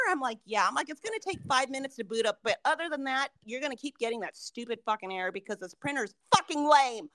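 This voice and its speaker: A woman's voice: high-pitched, expressive, quick pace, few pauses, bright, forceful tone, no echo, studio quality. A woman co-hosting a podcast in casual chat, blunt and swearing constantly as she rants about work. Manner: blunt, swears constantly, laughs while ranting. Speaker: podcast co-host.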